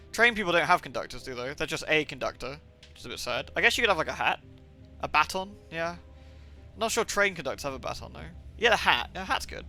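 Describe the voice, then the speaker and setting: A man's voice: on the high side, bright, forceful tone. Rambling young English man streaming. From England. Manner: rambling, swears often, many fillers. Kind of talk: livestream gaming chat.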